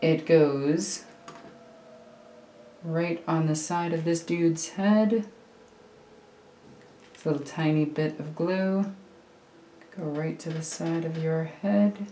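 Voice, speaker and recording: Chatty woman building models at home, kinda low voice, faint hum behind. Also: slow, pauses often, mellow, reverberant. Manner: chatty, rambling, self-mocking. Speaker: miniature hobby streamer. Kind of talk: casual build commentary. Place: home hobby room. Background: faint computer hum.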